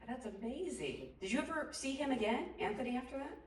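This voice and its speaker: A woman's voice: high voice, lively intonation, a little fast. A woman moderating a panel Q&A, enthusiastic and chatty. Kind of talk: hosting a panel Q&A. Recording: roomy hall, distant mic, faint noise.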